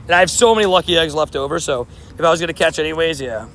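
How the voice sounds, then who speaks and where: A young man streaming a mobile game while walking outdoors, chatting and joking at himself, his voice a little hoarse. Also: fairly high pitch, very fast, a bit bright, slight background noise. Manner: chatty, joking, self-mocking banter. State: slightly hoarse, losing voice. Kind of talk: casual livestream commentary while playing.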